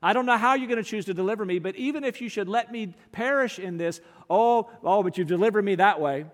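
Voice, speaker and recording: A man's voice: high voice, fast talker. A male pastor preaching a sermon, earnest and emphatic, often repeating words as he builds a point. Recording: long hall reverb.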